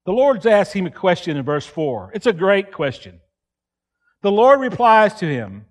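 Male pastor in his fifties, high voice, earnest pulpit delivery. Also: big pitch swings, normal speed. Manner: earnest preaching, acts out quoted pleas loudly. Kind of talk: sermon. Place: church.

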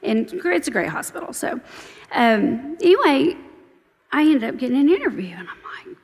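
A woman's voice: sits high, sing-song, moderate pace, long reverb tail. A woman in her forties telling her personal story to her church in a chatty, storytelling way. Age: 40s. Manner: chatty, storytelling, warmly grateful. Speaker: church member giving testimony. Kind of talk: personal testimony.

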